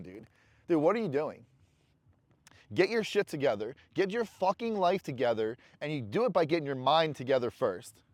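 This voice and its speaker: A man's voice: fairly high pitch, no room sound. A man in a casual motivational vlog, talking to camera bluntly and with profanity, candid and rambling while smoking a cigar. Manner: blunt, profane self-talk. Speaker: vlogger.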